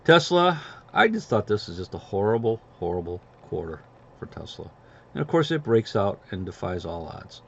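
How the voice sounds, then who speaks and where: Middle-aged man, low gravelly voice, blunt sarcastic market commentary, dull lo-fi recording. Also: big pitch swings, moderate pace.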